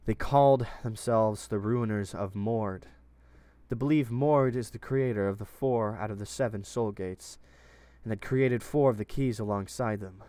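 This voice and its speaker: A man voicing a wounded, frightened young captive woman with a low, somewhat manly voice, who pleads and stammers. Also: lively intonation, unhurried, no echo, natural voice. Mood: pleading.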